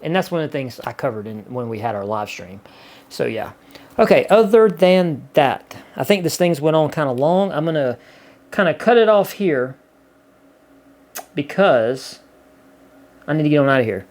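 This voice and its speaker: Man, slightly high voice, folksy rambling vlog chat. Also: expressive, moderate pace, pauses often, darkish tone. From Gulf Coast of the US. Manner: rambling, folksy, frequent "you know". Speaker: vlogger. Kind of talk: casual chat to camera.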